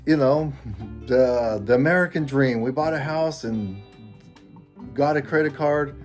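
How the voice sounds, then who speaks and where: A man's voice: medium pitch, measured pace, a little mellow, faint music behind. Chuckling Mexican-born man in his fifties. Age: 50s. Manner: rambling, chuckling, self-deprecating. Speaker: vlogger. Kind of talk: casual personal vlog.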